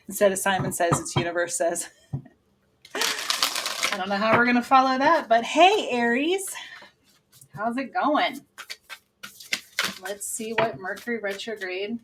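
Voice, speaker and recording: A woman giving a casual, lively tarot reading to her viewers, laughing often and breaking into loud exclamations. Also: medium pitch, noisy background. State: sweating from channeling. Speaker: tarot reader.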